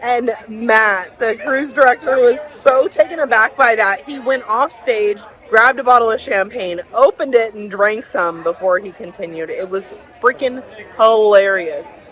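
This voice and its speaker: A woman vlogging on a cruise ship, chatting excitedly about her day. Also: fairly high pitch, unhurried, rough recording. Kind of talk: casual vlog chat. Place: busy cruise ship lounge. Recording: crowd noise. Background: crowd chatter.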